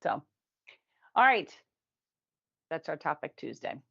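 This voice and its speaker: A woman hosting a casual weekly review show. She talks in a chatty way, laughs often and drops in quick asides. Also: deep voice, sing-song, vocal fry, pushed and bright, slightly rough, muffled recording. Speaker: host.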